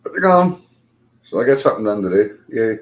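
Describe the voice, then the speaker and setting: A middle-aged man hosts a casual livestream and rants at his viewers. His voice sits fairly low, and he swears at almost every turn. He breaks into laughter as he tells his stories with big, animated energy. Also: a little fast. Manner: profane, animated storytelling with laughter. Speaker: livestream host.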